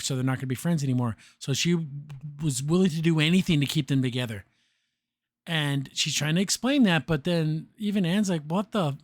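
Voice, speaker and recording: A man with a slightly high voice recaps an episode in a loose, rambling way. He keeps slipping into quick put-on voices for the characters' lines and often stops to restart. The sound is close and dry, with no room. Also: no echo. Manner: filler-heavy, restarts often. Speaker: podcast host reviewing a cartoon.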